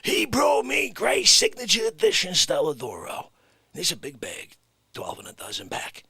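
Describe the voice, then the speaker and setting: A man putting on a brash wiseguy character talking on the phone, swinging between hushed whispers and loud outbursts. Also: lowish voice, sing-song, a little fast, husky, voice pushed down, heavily acted. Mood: swaggering.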